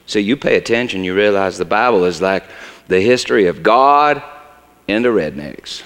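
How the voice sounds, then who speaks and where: An actor playing a bitter, joking redneck shepherd with a drawl, performing a theatrical monologue on a stage in a large hall. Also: male voice, expressive, moderate pace. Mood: mocking. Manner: folksy drawl, swings from loud mockery to low bitterness. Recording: long reverb of a large hall.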